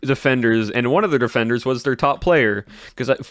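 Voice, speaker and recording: A man's voice: mid-range voice, fairly quick, a bit bright, no room sound, clean studio sound. A male streamer chatting casually to his chat as he recaps the year, rambling and repeating words. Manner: rambling, repeats words, trails off mid-sentence.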